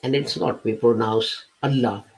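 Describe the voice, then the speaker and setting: Poor audio captures a man's mid-range voice, fairly even in intonation and unhurried, with some vocal fry. He is a religious lecturer patiently teaching scripture step by step through everyday examples, stumbling and correcting himself at times.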